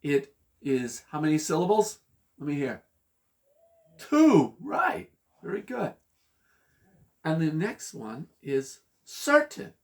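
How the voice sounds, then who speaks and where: Lively slow-paced children's teacher, man. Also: on the high side. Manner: slow, patient, spells words letter by letter; animated, sing-song for children. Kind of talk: children's phonics lesson.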